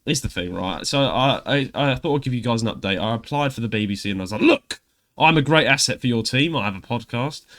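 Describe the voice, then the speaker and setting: A man's voice: medium pitch, quick pace, a bit bright. A young man hosting a podcast, chatting in a rambling, upbeat way. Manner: chatty, rambling with restarts and laughs. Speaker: podcast host. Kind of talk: casual chat.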